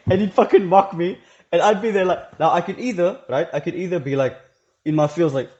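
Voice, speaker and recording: A man's voice: on the high side, darkish tone. A young man hosting his own self-help channel, talking in a blunt, profane, rambling way and often mimicking other people's voices. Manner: blunt, profane, rambling, quick shifts into mocking quoted voices. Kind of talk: casual monologue to camera. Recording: dull lo-fi recording.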